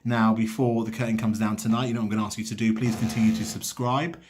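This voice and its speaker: A man's voice: fairly low pitch, little pitch movement, quick pace, darkish tone, slight background noise. A man giving a casual vlog review of a theatre show, talking in a rambling, chatty way with frequent restarts. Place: outdoors walking uphill, then in a car.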